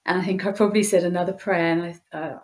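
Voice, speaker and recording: A woman's voice: on the low side, steady tone, quick pace. A woman with an English accent, a guest in an interview, telling a heartfelt personal story with frequent restarts. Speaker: interview guest, youth leader. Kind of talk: conversational interview.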